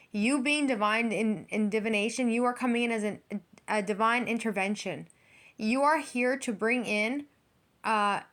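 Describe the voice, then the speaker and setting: A woman's voice: a little high, fairly bright tone. Profane, emphatic woman tarot reader. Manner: blunt, profane, emphatic, talks straight to the viewer. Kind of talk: casual tarot reading.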